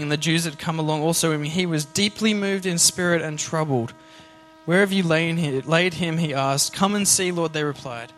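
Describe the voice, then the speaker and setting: A man preaching an Easter sermon, reading scripture aloud and checking in with his listeners with "amen?". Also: on the high side. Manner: animated, engages audience with "amen?". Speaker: pastor.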